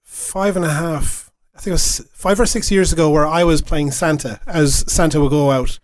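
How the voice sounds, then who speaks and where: A man's voice: fairly high pitch, steady tone, moderate pace, no echo. A man at a radio station, telling an earnest story in a casual podcast chat. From Ireland. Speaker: radio station staff member. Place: radio studio.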